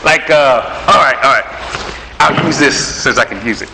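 A man preaching a sermon in a conversational style, repeating his phrases and swinging between loud and quiet. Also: mid-range voice, moderate pace, gravelly, very noisy. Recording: echoey room from a distant mic.

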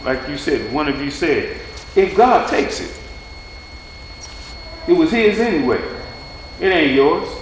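A man's voice: on the high side, expressive, a little slow, long pauses. A man preaching an informal sermon in a plain-spoken, folksy way, acting out little dialogues, then leading a prayer. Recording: echoey hall with faint hum.

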